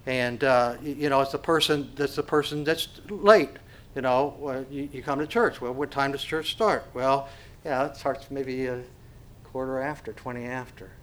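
A pastor preaching a sermon, mixing conversational asides and repeated words with emphatic, rising stresses on key phrases. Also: male voice, mid-range voice, fairly bright tone.

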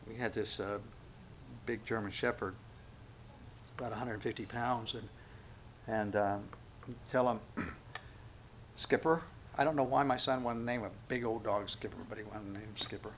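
A middle-aged man preaching a sermon as pastor, acting out quotes and asides in an animated way. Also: lowish voice, unhurried, long pauses. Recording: faint background noise.

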